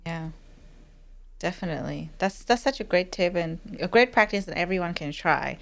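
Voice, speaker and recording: A woman's voice: lowish voice, lively intonation, moderate pace, vocal fry, no echo. A woman hosting a podcast, asking questions and affirming her guest with frequent agreement. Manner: warm affirming, frequent yeahs. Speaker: podcast host. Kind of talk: interview questions.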